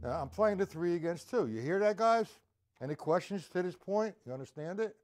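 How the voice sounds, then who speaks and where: A man's voice: high voice, expressive, brisk, loud music behind the voice. A man teaching a live-streamed drum lesson, counting beats aloud and checking in with his viewers. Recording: drum kit playing behind voice. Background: loud drum kit.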